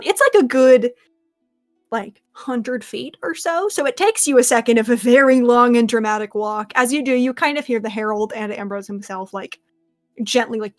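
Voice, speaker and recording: Chatty young woman running a tabletop game. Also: fairly high pitch. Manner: casual, filler-heavy, lots of "like". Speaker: game master.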